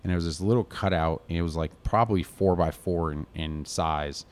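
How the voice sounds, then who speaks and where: A middle-aged American man from Connecticut, a chef telling stories in a relaxed interview, rambling and full of fillers like "like" and "you know". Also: sits low, fairly quick. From Connecticut, USA. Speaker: chef, guest. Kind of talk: casual storytelling interview.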